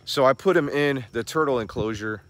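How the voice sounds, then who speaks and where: A man vlogging outdoors on a small farm, chatty and worried, thinking out loud as he walks around. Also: medium pitch, a little fast, no room sound. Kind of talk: casual vlog commentary.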